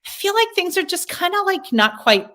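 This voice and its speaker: A woman guest in a casual podcast interview, thinking aloud slowly with many fillers and restarts. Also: extremely high pitch, big pitch swings, bright, forceful tone. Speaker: leadership consultant guest.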